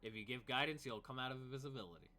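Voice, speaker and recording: A man's voice: mid-range voice, very fast, pushed and bright. A man narrating as game master of a tabletop game, talking loosely with many fillers. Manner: loose, filler-heavy narration with acted cultist outbursts.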